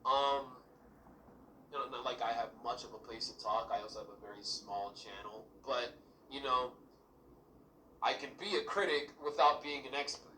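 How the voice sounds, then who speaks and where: A man's voice: mid-range voice, normal speed, bright, forceful tone, roomy sound, recorded from a distance, slight background noise, poor audio. Blunt, cursing man in a played clip. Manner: blunt, profane, addressing the viewer directly. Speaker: small youtuber. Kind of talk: casual vlog rant.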